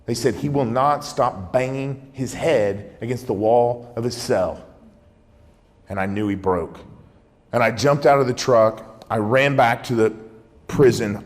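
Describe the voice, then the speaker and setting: A man giving a dramatic storytelling talk as a keynote speaker, acting out dialogue and dropping low and soft for tense quotes. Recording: reverberant hall.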